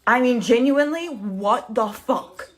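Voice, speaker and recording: An outraged woman swears in disbelief in a reaction video. Her voice sits fairly high. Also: measured pace.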